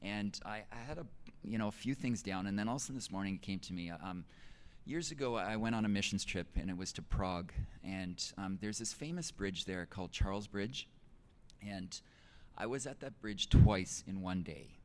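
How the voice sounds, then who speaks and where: Middle-aged male teacher, very low voice, casual testimony full of fillers and restarts. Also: normal speed, a little mellow. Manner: conversational, many fillers and restarts. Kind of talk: personal testimony in an interview.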